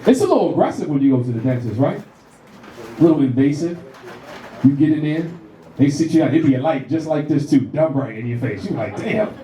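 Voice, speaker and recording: A man in his thirties doing a profane, animated stand-up set in a comedy club, acting out voices as he tells stories. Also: fairly high pitch, brisk. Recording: roomy club sound from a distant mic.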